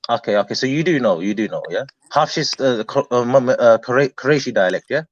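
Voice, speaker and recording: A man's voice: mid-range voice, lively intonation, a little fast. A man hosting a live debate, pressing his questions insistently in slangy talk. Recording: dull lo-fi stream audio.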